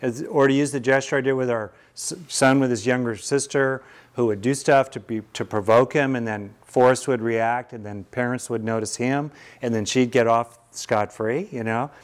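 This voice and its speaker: A man's voice: medium pitch, steady tone, normal speed. Folksy male meditation teacher. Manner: conversational, storytelling, folksy. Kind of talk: teaching talk with Q&A.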